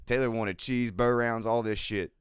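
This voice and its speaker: A man co-hosting a live podcast, telling stories in an animated way, swearing and laughing often. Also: medium pitch, normal speed, smooth, no room sound, clean studio sound. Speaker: podcast co-host. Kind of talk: casual live podcast chat. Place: live show recording.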